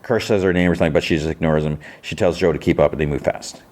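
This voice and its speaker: Deep-voiced man casually recapping a show. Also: steady tone, quick pace, a little mellow. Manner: rambling, frequent "he's like" quoting and restarts. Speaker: podcast host.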